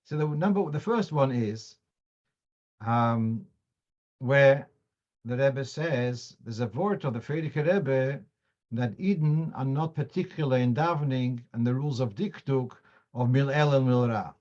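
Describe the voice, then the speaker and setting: A man's voice: mid-range voice, a little slow, darkish tone. Man teaching a Torah class, lo-fi. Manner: explanatory, digressive, uses examples; mixes in Hebrew and Yiddish terms. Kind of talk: lecture on Jewish law.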